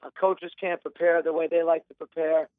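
A man's voice: fairly high pitch, level tone, normal speed, no room sound. A man co-hosting a sports betting podcast, giving firm, blunt opinions. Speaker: podcast co-host. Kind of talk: casual sports betting chat. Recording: phone-like line.

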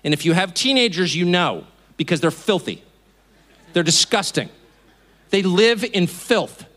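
A man's voice: high voice, lively intonation, unhurried, fairly bright tone. A man in his fifties from California gives an indignant, mocking speech to a live audience, acting out the voices he quotes. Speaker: speaker. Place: auditorium.

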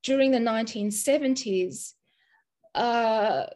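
Telling her own story in an interview, this Australian woman in her sixties, who teaches mental health first aid, speaks earnestly, emotionally and haltingly. Her voice is on the high side, expressive and darkish.

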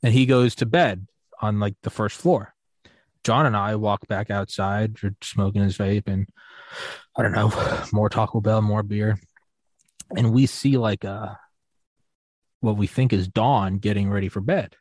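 A man's voice: on the low side, fairly even intonation, unhurried, long pauses, darkish tone, no echo, clean studio sound. A man hosting a podcast, telling a rambling, profane drinking story in casual chat. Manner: rambling and profane, full of fillers and restarts. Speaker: podcast host.

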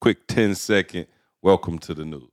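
A male podcast co-host with a relaxed, slangy delivery who keeps the talk loose and hypes his guest. His voice is dry and close, with no room echo. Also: sits low, normal speed. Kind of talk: casual podcast chat.

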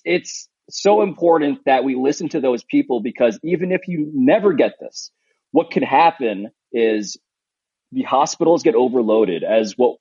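A husky-voiced man in his thirties from New York talks in a loose, rambling, earnest way, full of "like" and restarts. He sounds short on sleep. The sound is dry and slightly muffled, as if it comes over a remote line. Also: medium pitch, a little mellow, no echo. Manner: rambling, earnest, many fillers. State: sleep-deprived new father. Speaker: podcast co-host. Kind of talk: casual remote chat.

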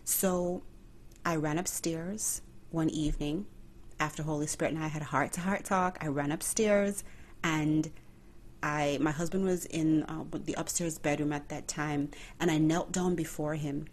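A woman's voice: low voice, steady tone, unhurried, darkish tone, slight background noise. A woman hosting a faith-based podcast, talking earnestly and like a preacher, with rhetorical questions and direct address to her listeners. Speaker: podcast host.

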